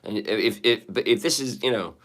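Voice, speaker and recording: A man's voice: on the low side, moderate pace, fairly bright tone. A man in his forties hosting a casual livestream chat, rambling along with wry, self-mocking humor. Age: 40s. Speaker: livestream host.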